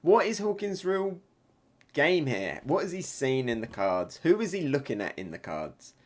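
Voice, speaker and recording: An excitable man reviewing a comic chapter live, reading panels aloud as he goes. He laughs often and speeds up at the big hits. His talk is casual and full of fillers. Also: fairly high pitch, moderate pace. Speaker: manga reaction reviewer. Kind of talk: live reaction and commentary.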